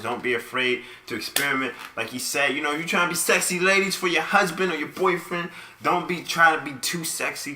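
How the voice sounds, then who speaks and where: A man's voice: fairly high pitch, fairly quick, sharp tone, roomy sound, a little hiss or hum. A man hosting a casual podcast, talking in a laid-back, slangy way and laughing often. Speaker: podcast host.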